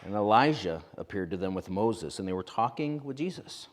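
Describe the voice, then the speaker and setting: A man preaching a sermon as pastor, telling a story with lively asides. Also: fairly low pitch. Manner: animated storytelling with quick asides. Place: church sanctuary. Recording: long reverb of a church hall.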